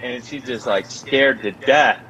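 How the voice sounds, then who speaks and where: A young man with a middling pitch tells a story in relaxed, conversational fashion. He scatters "like" through every sentence and lifts his voice when he acts out quotes. A faint noise sits under the recording. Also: unhurried, lo-fi sound. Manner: animated storyteller, many filler "like"s, acts out quotes in a higher voice. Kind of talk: casual storytelling chat.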